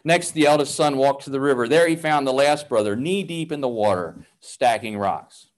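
A man narrating a parable in a measured, expressive storytelling manner. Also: mid-range voice.

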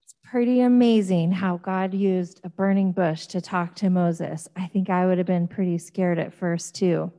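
A woman giving a gentle children's Bible lesson, asking the kids simple questions and reading a story aloud. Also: fairly low pitch, steady tone, normal speed. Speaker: children's ministry teacher.

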